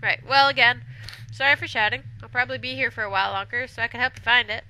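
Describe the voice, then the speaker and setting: A woman's voice: on the high side, fast, sharp tone, low-quality recording. A woman voicing a young man in a game, flustered and apologetic, reading stumbling dialogue aloud.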